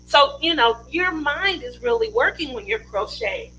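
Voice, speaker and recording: A woman's voice: high-pitched, animated, moderate pace, hardly any pauses, pushed and bright, a little hiss or hum, low-quality recording. A woman hosting a casual craft livestream from her home studio, chatty and rambling, laughing often.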